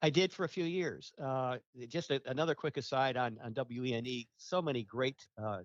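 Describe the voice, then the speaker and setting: A man's voice: mid-range voice, normal speed, dry recording, dull audio. A man being interviewed about his radio career, rambling and full of fillers and restarts. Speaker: guest, radio ratings researcher. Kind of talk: casual interview talk.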